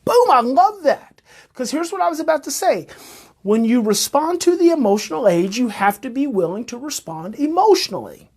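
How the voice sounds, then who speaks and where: A man with a husky, slightly breathy voice, speaking live to viewers as a parenting educator. He hammers home his points by repeating phrases and asking rhetorical questions, and he sounds emphatic and engaged. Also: extremely high pitch, sing-song, moderate pace, a little mellow. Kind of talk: live-streamed talk to viewers.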